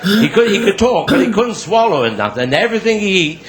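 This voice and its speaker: A man with a Cornish accent telling rapid-fire stand-up stories, laughing at his own jokes. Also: high-pitched, sing-song, reverberant. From Cornwall. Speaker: stand-up comedian.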